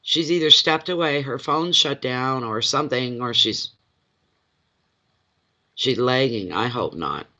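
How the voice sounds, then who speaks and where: A man with a bright, forceful voice runs a live tarot reading. He chats easily, jokes and pokes fun at himself as he works through the cards. The audio is dull and lo-fi, as if recorded on a phone. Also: mid-range voice, unhurried, long pauses. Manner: chatty, joking and self-deprecating. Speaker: tarot reader.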